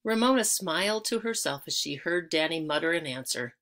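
Woman reading a kids' book out loud, bright forceful tone, a bit low-pitched, leans into the big words. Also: expressive, a little fast. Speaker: audiobook reader. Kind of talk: reading a children's chapter book aloud.

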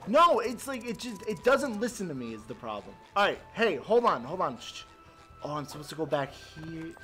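An excitable male streamer chatting through his gameplay with a high, wildly swinging voice. He laughs, yelps and talks back to his chat. Game music plays clearly behind him. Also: moderate pace. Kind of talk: live gameplay commentary.

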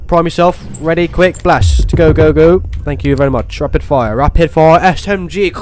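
Excitable man muttering at a horror game. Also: on the high side, moderate pace, noisy background. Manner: swears, talks to himself, swings between muttering and excited outbursts. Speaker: gaming YouTuber. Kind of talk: horror game let's play commentary.

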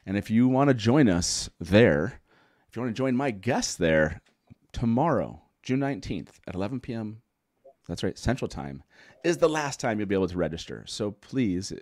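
A man's voice: lowish voice, sing-song, moderate pace, darkish tone, dry recording, studio quality. A man hosting a casual live talk show, rambling and correcting himself with a chuckle. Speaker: host.

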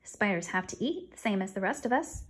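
A woman's voice: fairly quick, husky. A woman voicing an eager, imaginative little farm girl in a storybook reading. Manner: excited, rising pitch.

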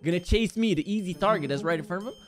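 A man's voice: high-pitched, racing, over music. A man hosting a game session with a friend, playful and teasing, laughing often in casual chat. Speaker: gaming channel host.

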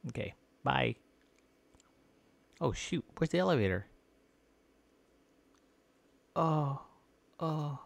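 A man's voice: medium pitch, animated, slow pace, gravelly. A man giving casual gameplay commentary with playful, goofy mock trash talk.

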